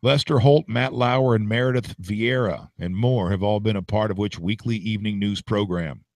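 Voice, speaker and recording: A man's voice: lowish voice, normal speed, dry recording, clean studio sound. A man from Florida, a radio host, chatting as a guest in an easygoing, self-deprecating way. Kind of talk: casual chat.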